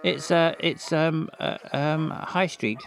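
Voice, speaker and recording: A man's voice: fairly high pitch, slow, gravelly. A man playing a dim, stammering farmer who halts, repeats himself and fumbles for answers, outdoors in a field. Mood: evasive. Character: dim stammering rural English farmer, middle-aged man. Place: outdoors in a field with farm animals.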